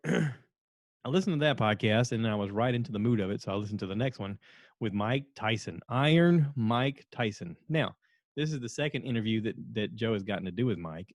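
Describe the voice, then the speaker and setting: A man's voice: lowish voice, no echo, studio quality. A middle-aged man hosting a solo podcast, chatting casually in a rambling, self-deprecating way. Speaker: podcast host.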